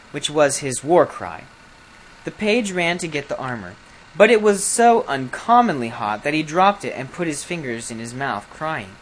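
A storyteller reading a fairy tale aloud, expressive, with small slips and self-corrections. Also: medium pitch, moderate pace.

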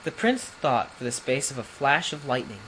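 A man narrating a storybook in an even, plain reading voice at a middle pitch. He keeps steady, slipping and restarting now and then, with a faint hiss of noise in the background. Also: normal speed, rough recording. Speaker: audiobook reader.

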